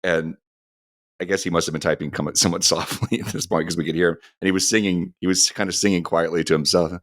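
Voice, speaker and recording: A middle-aged man with an extremely deep voice talks casually on a podcast, drifting through a long anecdote. The sound is close and dry, with no room around it. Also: fairly even intonation, fast, a bit bright, no echo. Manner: meandering anecdotal storytelling. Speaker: podcast co-host.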